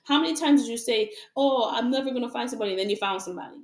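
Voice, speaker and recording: A woman's voice: a little high, very fast, roomy sound. A woman giving a casual tarot reading to her viewers, frank and repetitive, asking rhetorical questions and laughing often. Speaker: tarot reader.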